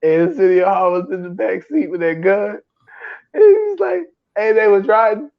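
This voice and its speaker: Lively high-voiced man on a dull mic. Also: creaky. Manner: rambling, halting starts, bursts of laughter. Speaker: podcast co-host. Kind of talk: casual movie chat.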